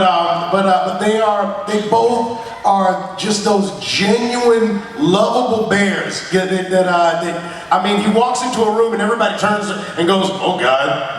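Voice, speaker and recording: A playful man chats and tells stories to a crowd, his fairly high voice ringing through a big echoing hall. He sounds distant from the mic, with a faint hiss underneath. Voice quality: animated and playful, laughs often. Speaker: actor on a convention panel. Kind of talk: casual storytelling to an audience. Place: large convention hall. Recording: echoey hall, mic heard from afar.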